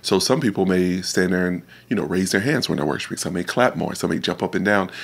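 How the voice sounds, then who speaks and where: A man's voice: deep voice, fast, gravelly. A man hosting a faith podcast, chatting casually and upbeat, with frequent slangy affirmations. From United States. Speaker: podcast host. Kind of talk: casual faith interview chat.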